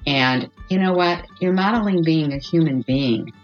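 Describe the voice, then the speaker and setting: A woman's voice: deep voice, normal speed, dull audio, soft background music. A woman guest on a podcast giving parenting advice in an earnest, reassuring way, often checking in with "okay?". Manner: earnest, reassuring, tags points with "okay?" and "you know what?".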